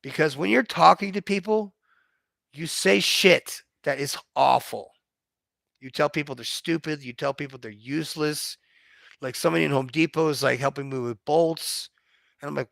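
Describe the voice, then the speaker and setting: A man's voice: fairly high pitch, normal speed, fairly bright tone, no echo. A man telling stories from his own life in a blunt, profane, somewhat robotic way. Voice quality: gravelly. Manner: blunt, profane, self-described robotic delivery. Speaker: vlogger. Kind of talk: casual storytelling monologue.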